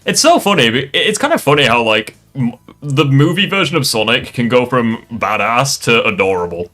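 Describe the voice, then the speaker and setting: A man's voice: mid-range voice, sing-song, normal speed, pushed and bright, soft background music. A man hosting a casual reaction chat, rambling, laughing and swearing often. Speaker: streamer host.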